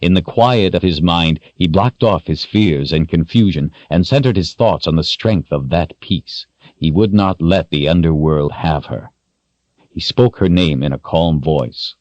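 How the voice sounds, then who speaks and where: Deep-voiced male audiobook narrator. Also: dry recording. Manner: steady, measured storytelling. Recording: dry, dull lo-fi studio sound.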